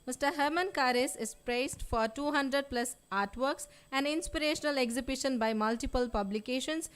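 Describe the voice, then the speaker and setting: A woman emcee formally reads a speaker introduction from a script. Her voice is smooth and clear and sits somewhat high. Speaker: event emcee. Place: college hall.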